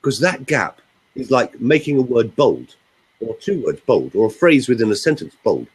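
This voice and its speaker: A man's voice: medium pitch, breathy edge, rough recording. A man coaching on voice use in an emphatic, demonstrative way, speaking on a group call. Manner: emphatic, animated, demonstrating pauses.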